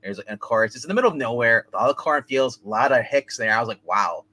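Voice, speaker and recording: A man's voice: medium pitch, fast talker, pushed and bright. A man hosting a movie review podcast, rambling through a plot recap with lots of fillers and laughs. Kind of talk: casual chat.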